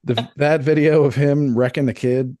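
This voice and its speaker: A man in his thirties co-hosting a podcast, telling crude, rambling, animated stories in casual banter. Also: medium pitch, moderate pace, dry recording. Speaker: podcast co-host.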